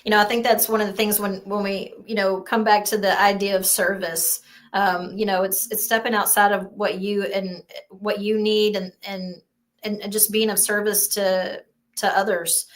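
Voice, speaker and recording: A woman's voice: medium pitch, flat delivery, normal speed. Encouraging woman podcast guest. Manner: encouraging, conversational with fillers. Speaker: guest, nonprofit co-founder. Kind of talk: casual interview chat.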